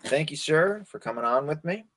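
A man's voice: fairly high pitch, expressive, normal speed, very noisy. A man hosting a casual show, laughing often and swearing freely as he chats. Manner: laughing, profane, loose banter. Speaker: host. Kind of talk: casual reaction commentary.

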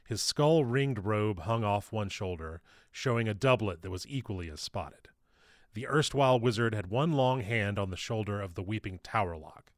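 A man narrates his own novel in a steady, measured way. His voice is low, and the recording is close and dry. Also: dry recording. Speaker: author reading his novel. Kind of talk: audiobook narration.

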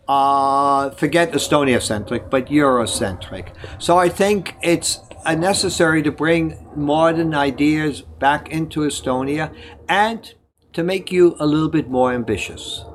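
A man's voice: fairly high pitch, slight background noise. An older man from Germany, giving discursive advice in an interview and often correcting himself mid-sentence. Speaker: guest. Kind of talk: conversational interview.

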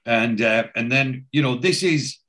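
Brief: bloke, mid-pitch, chatty storyteller recapping a show, acts out bits of dialogue, salty language. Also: male voice, measured pace. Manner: animated storyteller, slips in and out of quoted lines, swears casually. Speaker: podcast co-host recapping a TV series. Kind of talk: casual chat, retelling scenes with quoted dialogue.

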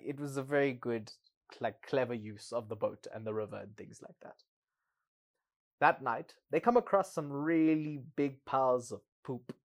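A man hosting a podcast, recapping a movie in a casual, sarcastic way with exasperated asides. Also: medium pitch.

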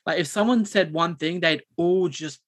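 A man, co-hosting a podcast and telling a story in a rambling, animated way with many restarts. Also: fairly high pitch, normal speed. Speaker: podcast co-host. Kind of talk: casual chat, storytelling.

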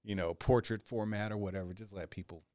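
A man's voice: lowish voice, fairly even intonation, fast talker, darkish tone. A man hosting a casual podcast chat, laid-back and joking.

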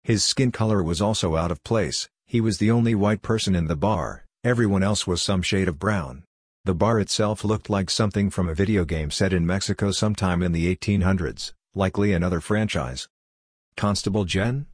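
In a low-pitched voice, a man narrates a novel for an audiobook, keeping his scripted storytelling measured and even. The studio recording is clean and echo-free.

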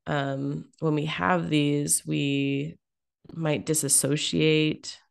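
A woman coach speaks as a guest on a video call, reflective and soft-spoken, pausing to search for her words. Her voice is very low, with a heavy gravelly fry. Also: little pitch movement. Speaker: guest, food and body coach. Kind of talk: interview conversation.

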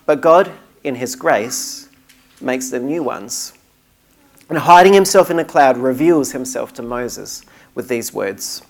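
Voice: medium pitch, expressive, slow. A preacher delivering a sermon in an earnest, emphatic way, now and then restarting a phrase.

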